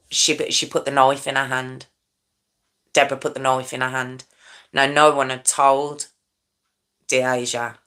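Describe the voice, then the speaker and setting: Bright-toned woman recounting true crime. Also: very deep voice. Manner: conversational, checks in with "okay?", shocked and emotive. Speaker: true crime channel host. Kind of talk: true crime commentary monologue.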